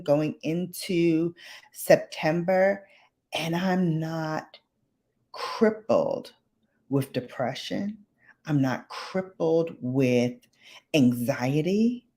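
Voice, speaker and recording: A woman's voice: low-pitched, warm tone. A middle-aged woman hosting a late-night livestream chat, speaking emotionally and close to tears, repeating phrases for emphasis. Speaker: livestream host.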